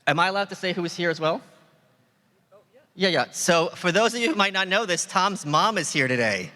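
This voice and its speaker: A man's voice: sits high, expressive, a little fast, pushed and bright. A man performing a ventriloquist comedy act on stage, addressing the crowd like an emcee. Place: large event hall with live audience. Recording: reverberant hall, faint ambience.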